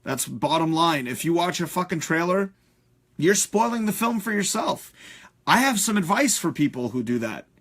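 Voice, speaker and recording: Man, fairly high voice, profane live-stream rant, loose and animated. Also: normal speed. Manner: profane, animated ranting with frequent fillers. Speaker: host.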